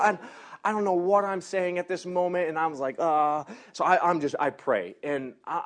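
A man preaching by telling a personal story, animated, laughing often and acting out the people in it. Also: a little high. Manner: animated, laughs often, acts out others in quotes. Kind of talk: storytelling sermon.

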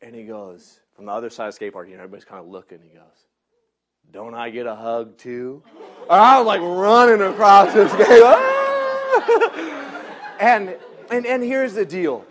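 A man preaching by telling a personal story, animated, laughing often and acting out the people in it. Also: sits high, moderate pace, crowd noise. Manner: animated, laughs often, acts out others in quotes. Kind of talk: storytelling sermon.

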